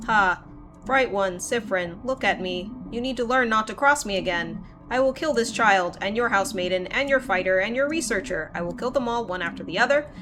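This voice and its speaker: A woman voicing a menacing, gloating male king villain who speaks slowly and cruelly. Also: mid-range voice, lively intonation, music in the background, natural voice. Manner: slow, taunting, cruel.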